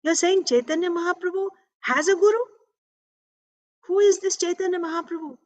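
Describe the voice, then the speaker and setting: A woman voicing an indignant five-year-old boy who scolds his father with shrill, accusing questions. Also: fairly even intonation, very fast, a bit bright. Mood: angry, indignant.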